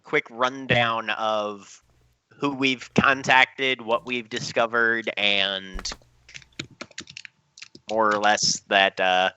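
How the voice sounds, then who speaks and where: Laid-back guy at a tabletop game, talks slow, really bright sharp tone. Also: fairly low pitch, steady tone, clean tone, dry recording, highs cut off. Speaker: player. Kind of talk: casual chat at a tabletop game.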